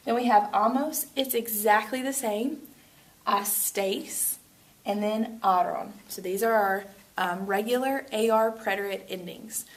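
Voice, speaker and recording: A woman's voice: medium pitch, measured pace. A woman teaching a Spanish lesson to students, upbeat and chatty with playful asides. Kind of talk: classroom lesson video.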